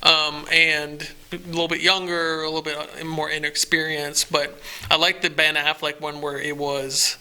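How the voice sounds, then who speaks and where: Bright-toned man rambling in casual chat. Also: a little high, level tone. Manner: rambling, halting with many restarts. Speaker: podcast co-host.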